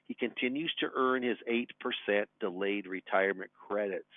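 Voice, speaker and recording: A man's voice: on the low side, moderate pace, no room sound. A man in his sixties, a retirement advisor giving a webinar from his office in a folksy, chatty way. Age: 60s. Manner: folksy, chatty, tells anecdotes and chuckles. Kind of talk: webinar teaching. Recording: tinny phone-like dry webinar audio.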